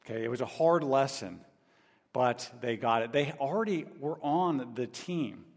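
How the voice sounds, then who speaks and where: A man's voice: medium pitch, lively intonation, measured pace. Male pastor, storytelling sermon full of restarts and "okay?" check-ins, long hall reverb. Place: large church hall.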